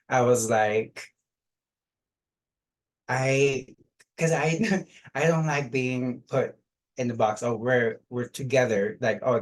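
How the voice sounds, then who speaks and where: A man who is a finalist in an online game, explaining his strategy in a halting way while searching for words. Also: mid-range voice, low-quality recording. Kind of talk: casual online call.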